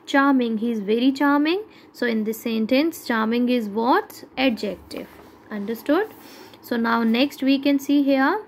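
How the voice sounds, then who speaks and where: A woman's voice: a little high, slight background noise, poor audio. A woman teacher with an Indian English accent giving a grammar lesson to schoolchildren, explaining step by step and asking checking questions.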